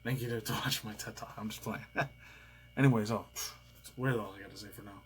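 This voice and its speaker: An American man in his thirties hosts a casual reaction video, rambling in a loose, slangy, chatty style. His voice sits on the low side with a steady tone, a breathy edge, and a fairly quick pace, captured on a low-quality recording.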